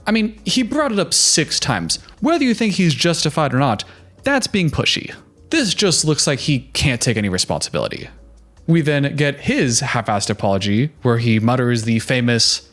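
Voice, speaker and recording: With big pitch swings in a fairly bright, slightly high voice, a young reaction-video host speaks at normal speed. He gives a heated, sarcastic TV recap full of opinion, ridiculing the voices he quotes.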